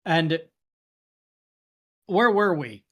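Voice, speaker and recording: Brief: man, podcast co-host, high pitch, animated chatty storyteller. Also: very slow, highs cut off. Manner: animated storytelling, acts out quoted exchanges. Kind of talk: casual chat.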